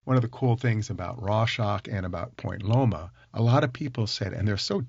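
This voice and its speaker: An enthusiastic man hosts a solo podcast, leaning on his points and coming back to them. His voice is gravelly and a little husky, and it sits fairly low. The recording is dry and slightly dull. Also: a little fast, a little mellow. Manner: enthusiastic, emphatic, repeats points. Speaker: podcast host.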